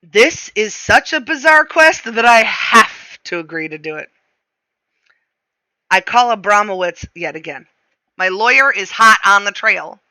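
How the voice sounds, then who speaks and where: Woman reading a book out loud, really bright tense voice, dry close sound. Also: medium pitch, lively intonation, measured pace, no room sound, rough recording. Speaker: reader. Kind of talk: reading a novel aloud.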